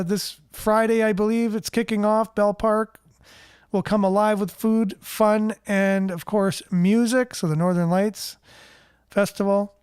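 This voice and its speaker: A man hosts a casual news roundup, his voice high and smooth. He talks in a relaxed, rambling way, reading out comments from viewers. The sound is close and dry. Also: dry recording. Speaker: host of a local news show.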